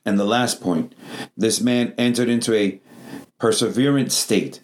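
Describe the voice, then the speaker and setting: A man's voice: medium pitch, slight background noise. A middle-aged man preaching a Pentecostal sermon in a church, calling out to the congregation, in non-native English phrasing. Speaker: pastor.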